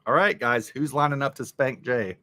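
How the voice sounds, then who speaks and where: A man's voice: medium pitch, moderate pace, pushed and bright. A man hosting a live stream, reading crossword clues aloud and muttering his guesses as he solves. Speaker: livestream host solving a crossword. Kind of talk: casual live-stream puzzle solving.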